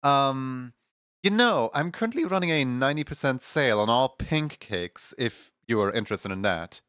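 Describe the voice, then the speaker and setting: A man voicing a calm, slightly puzzled female baker who speaks hesitantly. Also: mid-range voice, moderate pace, clear, resonant tone, no echo, clean studio sound, lightly acted.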